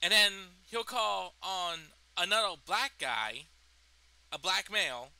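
A young man rambles through a personal story, swearing and restarting his sentences. His voice sits high and sounds very bright and sharp. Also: big pitch swings, slow pace, creaky, clear, resonant tone, dry recording, rough recording. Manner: rambling, profane, full of fillers and restarts. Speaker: storytime vlogger. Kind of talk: casual storytime.

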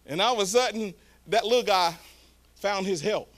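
A male pastor, preaching a sermon through animated storytelling. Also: high voice, moderate pace.

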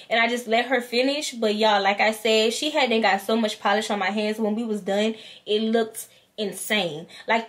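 Woman, vlogger, storytime, animated, higher-pitched voice. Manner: animated, acts out both sides of the story. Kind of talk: storytime vlog.

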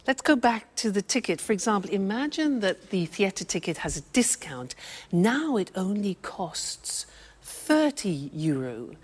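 A woman teaching English, explaining words slowly and acting out short example dialogues. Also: medium pitch, very animated, slightly rough. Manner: deliberate, spelling out words and acting out little dialogues. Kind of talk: slow classroom explanation. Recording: reverberant room.

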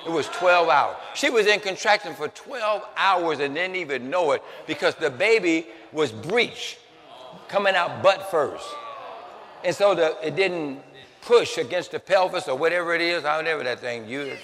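A man preaching with a high, forceful voice, often repeating words and restarting before rising to shouts. His sermon rings out with a long reverb in a church hall. A faint noise sits underneath. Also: lively intonation, normal speed. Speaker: pastor. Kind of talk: storytelling sermon.

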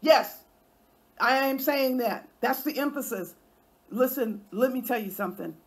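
A woman's voice: high-pitched, a little slow, husky. A woman hosting an online commentary show, ranting in an indignant, confrontational way and swearing freely. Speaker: YouTube commentary host.

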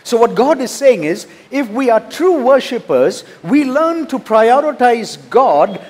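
A man's voice: extremely high pitch, very animated, a little slow, darkish tone. A man, a pastor from India, preaching a sermon, reading scripture and asking rhetorical questions. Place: church.

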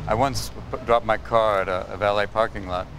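A middle-aged actor and comedian in an interview, riffing rapid-fire with sudden voices and whispers. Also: male voice, lowish voice, fairly even intonation, noisy background. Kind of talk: interview with comic riffs.

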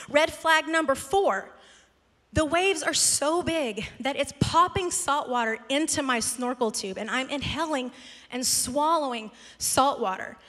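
Woman pastor, high bright voice, animated storytelling sermon, long hall reverb. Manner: animated, self-mocking storytelling. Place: church sanctuary.

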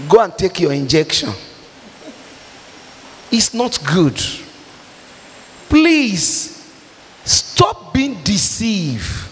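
A woman with a Nigerian accent preaching a sermon, exhorting forcefully and breaking into pidgin and shouts. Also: medium pitch, big pitch swings, extremely slow, long pauses, big-room sound, a little hiss or hum.

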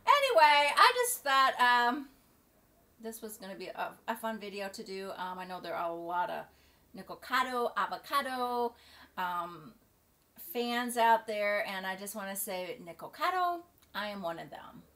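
A middle-aged woman vlogging casually, rambling and halting with many fillers and restarts. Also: medium pitch, lively intonation, fairly bright tone. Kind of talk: casual opinion vlog. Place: at home near the beach.

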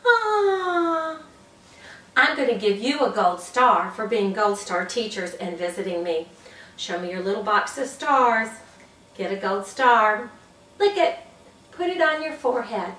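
A woman's voice: medium pitch, lively intonation, normal speed, sharp tone, echoey room, distant mic, low-quality recording. A woman demonstrating classroom cheers for teachers, bouncy, with whoops and sound effects. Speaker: early childhood teacher trainer.

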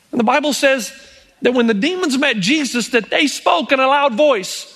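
High-voiced male pastor preaching. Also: normal speed. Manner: animated storytelling, acts out quotes. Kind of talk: sermon.

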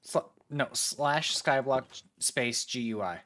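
A man streaming a game with friends, loud and excitable, swearing often in casual chat. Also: mid-range voice, takes it slowly, a little hiss or hum.

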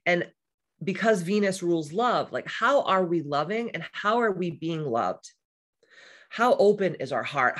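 A woman talking about astrology in a casual vlog, speaking in a frank, chatty way with lots of fillers, swearing and tangents. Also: lowish voice. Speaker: astrology and life coach. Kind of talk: casual spiritual vlog talk.

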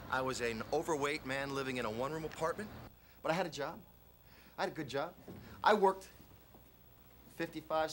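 An actor playing a flamboyant middle-aged self-help guru on an infomercial, pitching in a repetitive motivational cadence. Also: male voice, fairly bright tone, a little hiss or hum. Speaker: infomercial host. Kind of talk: film infomercial performance.

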